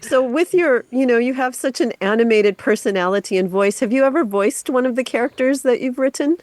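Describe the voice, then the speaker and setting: A woman's voice: a little high, brisk, a little mellow, no echo. Friendly female co-host, dry mic. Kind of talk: interview questions.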